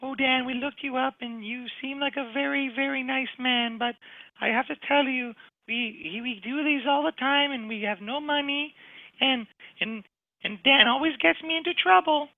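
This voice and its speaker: A workshop participant voicing a prim, skeptical middle-aged wife in a sales role play. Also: male voice, extremely high pitch, moderate pace, no room sound. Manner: prim, disapproving. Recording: tinny call audio.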